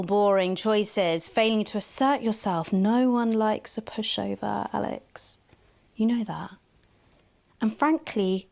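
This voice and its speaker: A sultry female news anchor turned tempter in a video game, purring taunts and teasing low asides. She sounds scheming and mocking, with a middling pitch. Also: a little mellow. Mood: taunting.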